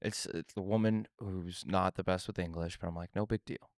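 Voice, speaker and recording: A man with a fairly low voice tells a story on a casual podcast. He is animated and swears freely. The sound is dry and close. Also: brisk, no room sound. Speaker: podcast co-host.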